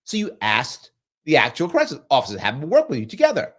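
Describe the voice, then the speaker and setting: A man's voice: a little high, fast talker. A man hosting a live reaction show, talking emphatically and acting out people in quotes as he comments. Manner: animated, acts out voices in quotes; emphatic and repetitive. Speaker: host reacting to a clip.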